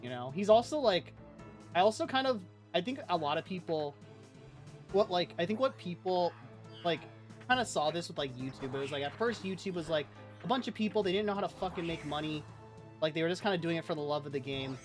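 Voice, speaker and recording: Rambling male streamer, slightly high voice. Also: fairly quick, soft background music. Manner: rambling, heavy use of "like", animated storytelling. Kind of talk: casual livestream chat.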